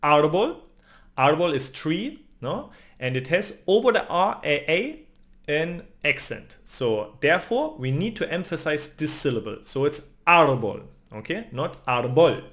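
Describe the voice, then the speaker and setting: Man teaching with a lively, animated voice. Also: a little high, unhurried. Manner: explains patiently, often ends lines with a questioning "no?". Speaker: language teacher. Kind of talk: online language lesson.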